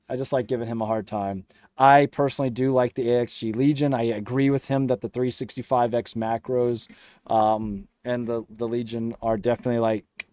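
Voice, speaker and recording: A man's voice: medium pitch, mellow, no echo, clean studio sound. A young man hosting a casual livestream, reading chat aloud and teasing viewers with a laugh.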